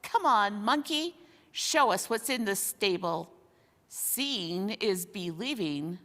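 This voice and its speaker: A woman's voice: mid-range voice, expressive, takes it slowly, fairly bright tone. A woman doing a scoffing cynical dwarf. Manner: sneering, scoffing. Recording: long hall reverb.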